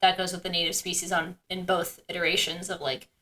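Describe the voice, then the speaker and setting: A woman's voice: lowish voice, flat delivery, fairly quick, bright, forceful tone, low-quality recording. A woman co-hosting a podcast in casual chat, enthusiastic, laughing and giving brief agreeing replies. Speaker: podcast co-host.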